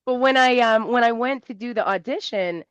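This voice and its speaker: Animated South Shore Massachusetts woman. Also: a little high, clean tone, dry recording. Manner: animated, rambling, laughs often. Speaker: comedian guest. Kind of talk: casual storytelling interview. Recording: dull lo-fi dry sound.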